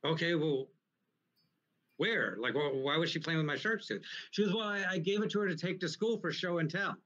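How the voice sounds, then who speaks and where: Brief: male comedian guest, high-ish bright voice, rambling and profane, on a muffled lo-fi recording. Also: fairly quick. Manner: rambling, profane, animated anecdotes. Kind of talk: casual storytelling in a live interview.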